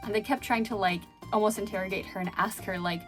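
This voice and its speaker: A woman's voice: medium pitch, fairly even intonation, fast talker, a bit bright, soft background music. A woman telling stories in a casual vlog, chatty and full of fillers. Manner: chatty, filler-heavy, laughing now and then. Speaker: vlogger and former chat host.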